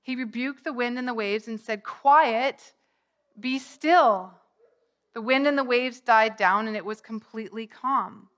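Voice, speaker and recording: A woman's voice: a little high, fairly even intonation, normal speed, few pauses, fairly bright tone. A middle-aged woman preaching a sermon in a conversational way, lifting her voice for quoted cries. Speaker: pastor.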